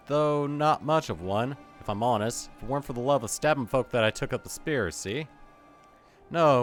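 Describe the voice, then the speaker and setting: A man voicing a low-born male soldier in a video game, talking in a folksy, rough way with dropped grammar. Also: natural voice.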